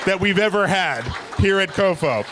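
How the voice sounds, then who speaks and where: A man's voice: high voice, animated, normal speed, a crowd in the background, noisy background. A man hosting a live festival panel, effusive and laughing along with his guest. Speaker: panel host. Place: convention panel room.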